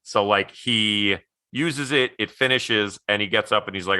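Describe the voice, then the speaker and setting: A man's voice: fairly low pitch, measured pace, sharp tone, clean tone, no room sound. A man co-hosting a podcast, recapping a movie in casual chat, rambling with lots of "like" and laughing easily. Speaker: podcast co-host.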